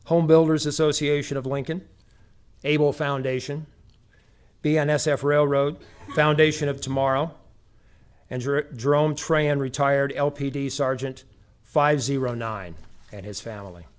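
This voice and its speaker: A man's voice: mid-range voice, steady tone, moderate pace, smooth. Solemn man reading names. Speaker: master of ceremonies. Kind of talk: formal ceremony address.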